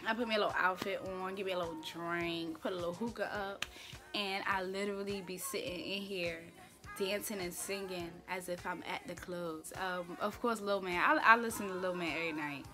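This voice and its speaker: Over music, a young woman runs a laid-back talk show from her room at home, speaking fairly quickly in a fairly low voice with fairly even intonation. She's chatty and playful, airing her opinions with plenty of slang and filler.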